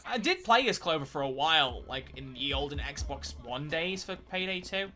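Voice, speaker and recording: A man's voice: on the high side, expressive, moderate pace, sharp tone. A young man streaming a video game, chatting casually and rambling in a jokey way, swearing freely as he plays. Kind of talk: casual gameplay commentary.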